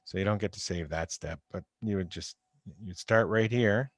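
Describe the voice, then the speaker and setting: On a video call from a home or office, a low-voiced man lectures on chemistry at normal speed, keeping it conversational, repeating the main points and underlining warnings. Though he uses a computer microphone, the recording is studio quality without echo.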